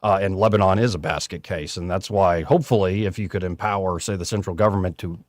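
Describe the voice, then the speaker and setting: Male radio host, low voice, dry close mic, loose conversational delivery. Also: steady tone, quick pace, no room sound. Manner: conversational, rambling asides. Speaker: radio talk show host. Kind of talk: casual talk radio chat.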